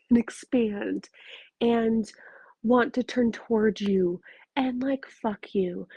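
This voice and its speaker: A woman's voice: on the high side, mellow, breathy edge, no room sound, lo-fi sound. A woman hosting a podcast in a casual, frank and emphatic way, swearing freely, tired and talking from her bed. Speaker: podcast host and relationship coach. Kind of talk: casual solo podcast monologue. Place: bedroom, curled up in bed.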